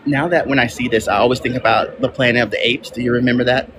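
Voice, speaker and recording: Man, Texan accent, casual vlog chat, trips over words reading aloud, outdoors, clear background noise. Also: mid-range voice, steady tone, fast. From Texas. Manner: chatty, stumbles over words while reading. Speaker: vlogger. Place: outdoors at a public monument.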